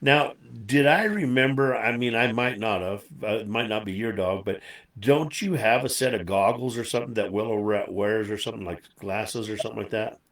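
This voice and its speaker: A man's voice: fairly low pitch, fairly quick, a bit bright, reverberant, far from the mic. A man hosting a casual chat interview, folksy and chatty, laughing easily. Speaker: show host.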